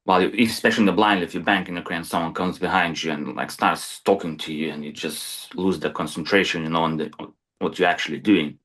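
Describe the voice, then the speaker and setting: A man's voice: low-pitched, fairly even intonation, brisk, fairly bright tone. A man who is a crane supervisor, talking in casual podcast chat, plain-spoken and peppered with "you know".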